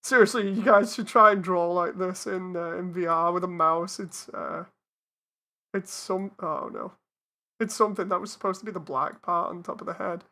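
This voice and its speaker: A woman's voice: fairly low pitch, normal speed, sharp tone. A woman streamer in casual live-stream commentary, talking herself through a task and laughing at her own mistakes.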